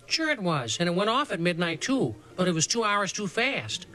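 A man's voice: high voice, very animated, moderate pace, sharp tone, exaggerated voice, rough recording. A man voicing a smug, sniffy boy who likes to know better.

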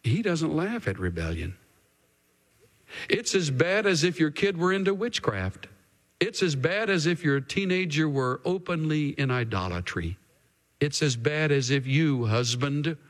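Slow-preaching pastor in a reverberant hall. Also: male voice, fairly high pitch, big pitch swings, a bit bright. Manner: earnest, emphatic preaching with repeated phrases. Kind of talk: sermon.

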